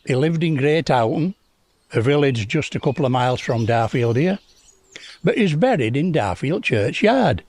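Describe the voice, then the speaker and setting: A man's voice: fairly high pitch, a little mellow, dry recording. A man telling local history in a chatty, good-humoured way.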